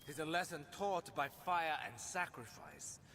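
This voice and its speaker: A man's voice: a little high, big pitch swings, a little slow, bright, forceful tone, exaggerated voice. An actor playing a grave male knight with a French accent, speaking in stern, formal archaic words.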